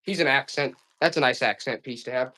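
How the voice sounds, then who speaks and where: A man's voice: mid-range voice, a little fast, pushed and bright. A man selling vintage items on a live stream, chatting to viewers in a repetitive, hyped-up sales patter. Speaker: live auction seller.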